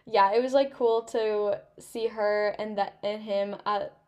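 A woman's voice: medium pitch, measured pace. A young woman in her twenties hosting a podcast, telling a story in a casual, emotional way, full of "like" and "literally". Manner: animated, emotional, heavy use of "like" and "literally". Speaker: podcast host.

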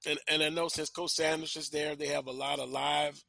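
A man hosting a casual chat, talking in halting bursts with many restarts. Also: fairly high pitch, flat delivery, vocal fry, bright, forceful tone, no room sound. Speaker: host.

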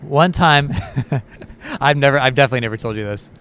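A man co-hosts a podcast and spins a casual story, chatty and animated, with many fillers along the way. His voice is smooth and clear, sitting in a middle pitch. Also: brisk. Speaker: podcast co-host.

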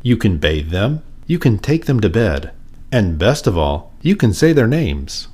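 A man's voice: lowish voice, sing-song, measured pace, darkish tone. A man reading aloud and voicing an earnest small boy who loves his toys. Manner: earnest, pleading.

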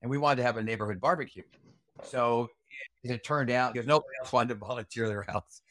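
A middle-aged man, a retired Army Ranger staff sergeant, rambles through a long story in a casual interview. His medium-pitched voice is quick and a bit bright, full of fillers, restarts, and plenty of swearing.

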